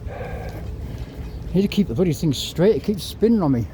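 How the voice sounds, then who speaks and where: A man in his 50s, a travel vlogger, chats and rambles while walking city streets, a little out of breath, swearing and then apologizing. His voice is high-pitched and sing-song with a warm tone at a normal speed. It's a casual walking vlog recorded on a clip-on mic plugged into his phone, with outdoor street noise around him.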